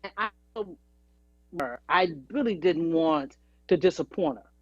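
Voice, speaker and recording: A woman's voice: fairly low pitch, lively intonation, unhurried, no room sound. A woman guest, a singer and actress, telling chatty, anecdotal stories in an interview. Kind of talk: storytelling interview. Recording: dry, dull lo-fi audio.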